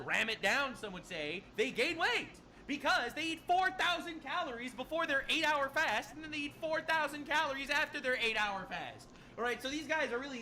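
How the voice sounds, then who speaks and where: A man's voice: extremely high pitch, pushed and bright, slight background noise. A man giving sarcastic, mocking online commentary as a political commentator.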